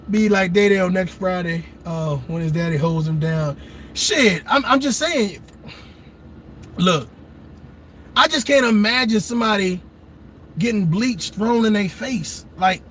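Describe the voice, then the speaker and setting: A man doing a loud, profane comedic rant, laughing often and slipping into mock voices. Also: high-pitched, a little hiss or hum. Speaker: comedic commentator.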